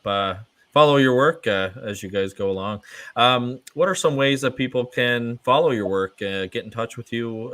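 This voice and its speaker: A man's voice: fairly low pitch, a bit bright, smooth, no room sound. A man hosting a podcast interview, asking curious, encouraging questions in a casual chat. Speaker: podcast host.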